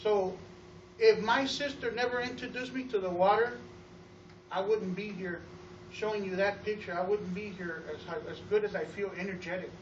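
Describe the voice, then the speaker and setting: Man, high voice, testimonial speech, energetic, acts out quotes, repeats words, distant, roomy, dull recording. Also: normal speed, a little hiss or hum. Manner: energetic, storytelling with acted-out quotes. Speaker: water store owner giving a testimonial.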